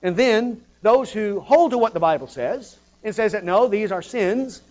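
A man delivers a sermon in a high voice, pushing to loud emphatic peaks before falling back low and quiet. The recording is dull and lo-fi. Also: expressive, normal speed. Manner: impassioned, rising to loud emphatic peaks then dropping low. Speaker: preacher.

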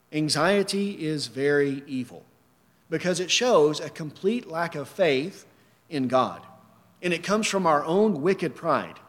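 A male pastor preaching a sermon, firing rhetorical questions, with emphatic rises and drops in pitch and loudness. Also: in a large hall.

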